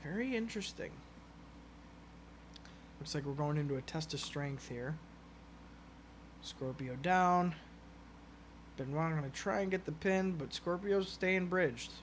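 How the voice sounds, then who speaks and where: A man's voice: a little high, measured pace, pauses often, a little hiss or hum. Easygoing man calling wrestling moves. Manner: laid-back, joking, calls moves as they happen. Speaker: podcast co-host. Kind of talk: casual watch-along chat with play-by-play.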